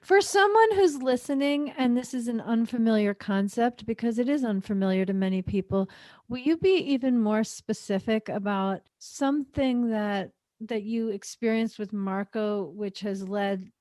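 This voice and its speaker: A woman hosting a podcast interview, asking clear, measured questions in an encouraging way. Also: medium pitch, warm tone, no echo.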